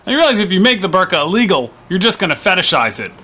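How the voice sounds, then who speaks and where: A man's voice: high voice, big pitch swings, rapid-fire, pushed and bright. A male comedian delivering a sarcastic, rambling comic monologue, with plenty of fillers.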